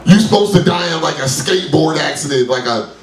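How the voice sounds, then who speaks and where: Profane New comic in a roomy club. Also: male voice, lively intonation, brisk, a crowd in the background. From New York. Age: 30s. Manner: loose, profane, shouty bits with high-pitched outbursts. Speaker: stand-up comedian. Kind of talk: stand-up comedy set. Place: small club at an open mic. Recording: roomy club sound from a distant mic.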